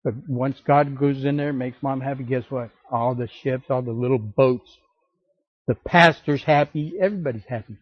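A man preaching a sermon as pastor, slow and emphatic, acting out the scripture quotes. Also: mid-range voice, dry recording, lo-fi sound.

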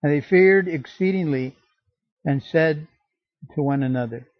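A man preaching a sermon as pastor, slow and emphatic, acting out the scripture quotes. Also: fairly high pitch, no room sound, muffled recording.

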